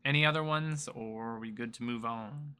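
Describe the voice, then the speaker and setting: A man with a very bright, forward voice and a Southern US accent, hosting a gaming podcast among friends. He talks casually, hedging and restarting with plenty of "like" fillers. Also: medium pitch, moderate pace, smooth. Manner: relaxed, filler-heavy, hesitant. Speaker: podcast host. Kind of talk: casual chat.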